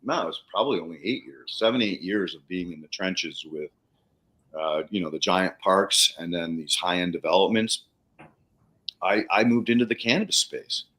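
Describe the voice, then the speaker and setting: A man's voice: low voice, moderate pace, bright, forceful tone. A man co-hosting a casual livestream conversation, talking candidly and ramblingly with casual swearing. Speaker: podcast co-host.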